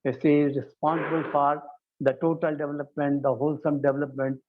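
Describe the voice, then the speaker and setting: A man giving a formal conference speech, halting and self-correcting, often saying "you see". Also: a little high, flat delivery. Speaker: conference speaker. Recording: tinny phone-like sound.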